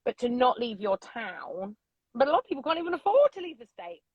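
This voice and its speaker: A middle-aged woman, a loud and unapologetic storyteller chatting as an interview guest from her vintage bus. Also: on the high side, very animated, brisk, slightly rough, dry recording, lo-fi sound. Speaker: podcast guest. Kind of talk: casual interview chat.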